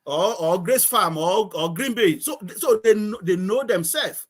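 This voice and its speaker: High-voiced man telling stories haltingly. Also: expressive. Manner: halting, repeats words, laughs often. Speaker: guest. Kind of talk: casual storytelling conversation.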